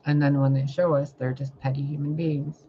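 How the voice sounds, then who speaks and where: A woman's voice: deep voice, flat delivery, moderate pace, lo-fi sound, a little hiss or hum. A woman tarot reader giving an impassioned spiritual monologue, fiery and confrontational, full of swearing and rhetorical questions.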